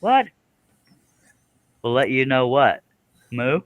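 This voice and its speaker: A man's voice: mid-range voice, very animated, takes it slowly, no echo, phone-quality sound. A man hosting a live stream in a casual, joking chat, reading out viewer comments. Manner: joking, chuckles, does silly animal noises.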